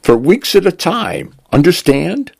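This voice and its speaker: A blunt adult male coworker, put on by a man who lifts his voice well above his usual low register. He presses every warning home in an insistent tone, with a husky, slightly gravelly edge. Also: huge pitch swings, measured pace, no echo, heavily acted.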